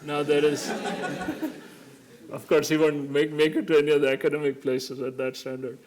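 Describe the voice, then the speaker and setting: A man's voice: a little high, normal speed, crowd noise. A man giving a keynote lecture, telling anecdotes and jokes and laughing along with them. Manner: jokey storytelling, laughs along. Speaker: keynote speaker. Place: lecture hall.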